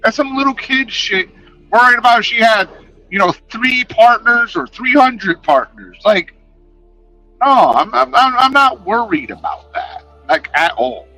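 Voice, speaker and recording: High, animated, profane male streamer. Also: unhurried, no room sound, soft background music, rough recording. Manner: profane, confrontational, sarcastic. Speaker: livestreamer answering chat. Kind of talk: casual livestream rant.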